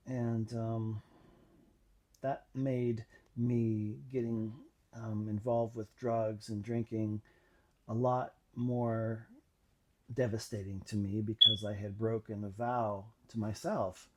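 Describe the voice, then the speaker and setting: A man telling his own faith story in a reflective, halting way, with many pauses and fillers. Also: lowish voice, fairly bright tone. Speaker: channel host. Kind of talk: personal testimony monologue.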